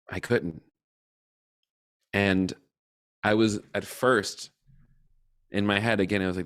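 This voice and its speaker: A man candidly reflecting on his feelings in a personal talk, open and emotional, with casual swearing and halting restarts. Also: on the low side, fairly even intonation, a bit bright, clear, resonant tone. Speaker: cohort facilitator.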